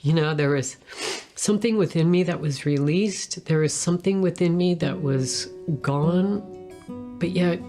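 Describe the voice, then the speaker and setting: A woman sharing a personal faith testimony in an earnest, reflective way, with pauses and restarts. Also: on the low side, warm tone, soft background music.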